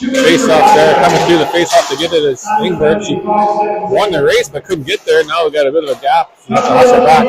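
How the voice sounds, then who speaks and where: A play-by-play announcer with a highish, creaky voice calls a live hockey game over the noise of an ice rink. He rattles off a rapid running description, correcting himself as he goes.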